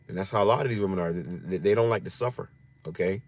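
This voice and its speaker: Man, lower register, religious teacher giving a loose, slangy scripture talk with lots of restarts. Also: fast, darkish tone. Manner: slangy, repeats phrases, frequent restarts.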